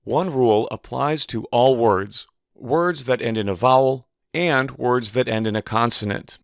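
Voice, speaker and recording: A man giving a measured, precise instructional voice-over as a teacher. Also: mid-range voice, no room sound, studio quality. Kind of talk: scripted instructional narration.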